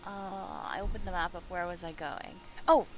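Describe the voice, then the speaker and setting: A woman streaming a video game, chatting and joking excitedly with her viewers. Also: lowish voice, moderate pace, soft background music, low-quality recording. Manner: excitable, jokey, chatty with chat. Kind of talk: casual gameplay commentary.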